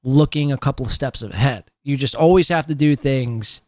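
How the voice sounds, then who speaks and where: A man's voice: mid-range voice, normal speed, darkish tone, no room sound, studio quality. A man hosting a podcast who rants in a profane, scornful, rambling way about people he covers. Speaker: podcast host. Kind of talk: ranting commentary.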